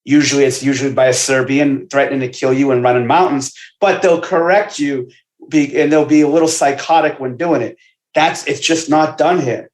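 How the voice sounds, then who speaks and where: A man who works as a basketball trainer, guesting on a casual podcast and telling stories in a profane, animated way. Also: mid-range voice, normal speed. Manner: profane, animated storytelling with asides. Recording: roomy echo.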